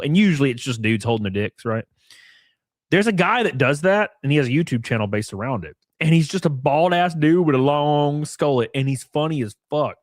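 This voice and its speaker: Animated, mocking man streamer. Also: mid-range voice, no echo, studio quality. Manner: mocking, laughs often, animated and profane. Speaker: streamer host. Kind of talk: casual commentary stream.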